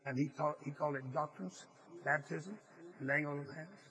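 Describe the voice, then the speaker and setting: A male preacher with a fairly high voice preaches a sermon. He tells his story earnestly and leans hard on key phrases. Now and then he stumbles and restarts his words. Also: normal speed, pushed and bright, low-quality recording. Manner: some stammered restarts.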